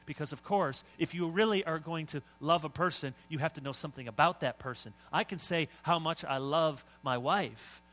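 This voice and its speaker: A man's voice: on the high side, pushed and bright. A middle-aged man preaching a sermon as pastor, talking conversationally and rising to emphatic, building lines.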